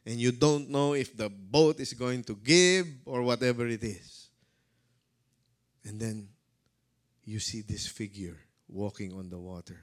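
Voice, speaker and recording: A male pastor preaching a sermon, dramatic, swinging between loud calls and hushed words. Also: medium pitch, measured pace.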